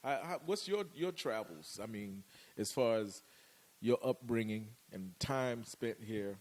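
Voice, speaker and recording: A Bahamian man co-hosting a podcast in casual chat, animated and slangy, laughing often. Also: on the low side, a little slow. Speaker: podcast co-host.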